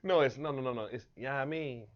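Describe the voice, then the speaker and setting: A man in casual chat, chatty and quick with back-and-forth remarks. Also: mid-range voice. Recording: dull lo-fi audio.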